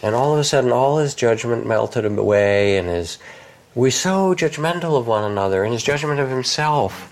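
An older man, a meditation teacher, speaking softly and unhurriedly in a guided reflection, lifting his voice warmly on key phrases. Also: mid-range voice, animated, moderate pace. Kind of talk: gentle guided reflection in conversation.

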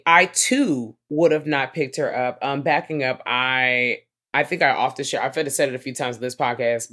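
A woman co-hosting a podcast, retelling a horror movie scene in a lively, animated way and swearing freely. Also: extremely low pitch. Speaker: podcast co-host. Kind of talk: casual movie recap chat.

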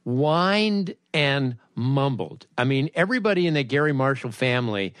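A man's voice: medium pitch, animated, normal speed, hardly any pauses, no echo, clean studio sound. A man hosting a casual interview who laughs often and does impressions of people he knows. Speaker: podcast host.

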